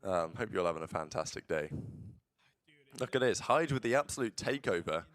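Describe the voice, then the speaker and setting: A deep-voiced man talks a little fast in a dry recording while streaming a casual esports watch-along. His commentary is blunt and full of swearing, with bursts of excited play-by-play.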